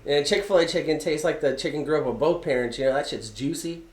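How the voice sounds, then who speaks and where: A man with a slightly raised voice tells loose, rambling stories in a relaxed chat, breaking into giggles at his own lines. The room around him is echoey. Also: fairly high pitch, fast, a little hiss or hum. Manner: rambling anecdotes, giggles often at own jokes. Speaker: podcast co-host. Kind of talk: casual storytelling chat.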